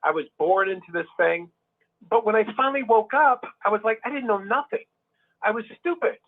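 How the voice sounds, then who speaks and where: A man's voice: sits high, expressive, brisk. Heated man on a tinny phone line. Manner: emphatic, heated, many restarts. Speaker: guest. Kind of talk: casual conversation.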